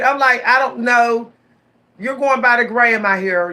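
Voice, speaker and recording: A woman in her forties telling stories straight to her viewers in a casual vlog, animated, repeating her words and laughing often. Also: fairly high pitch, measured pace, long pauses. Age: 40s. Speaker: vlogger.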